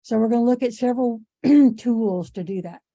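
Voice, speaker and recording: A middle-aged woman teaching an online class in a conversational way, repeating herself for emphasis and clearing her throat as she loses her voice. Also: a little high, moderate pace, warm tone. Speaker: instructor.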